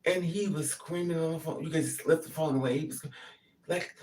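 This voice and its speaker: At a normal speed and with a low-sitting voice, a woman relates a personal story in an easygoing monologue. She animatedly voices other people's lines, recorded through a distant microphone with faint background noise.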